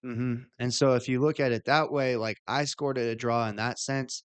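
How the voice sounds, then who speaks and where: A man co-hosting a casual fight podcast, speaking in a measured, conversational way as he explains his scoring. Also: mid-range voice, fairly even intonation, clean tone, dry recording. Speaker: podcast co-host. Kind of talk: casual MMA fight recap.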